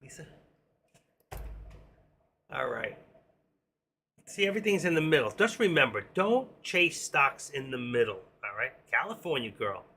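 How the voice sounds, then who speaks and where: A middle-aged New York man rambles casually through a live trading stream and reads viewer comments aloud. His voice is gravelly and bright, with a faint hiss of background noise. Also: mid-range voice, very animated, a little slow, long pauses.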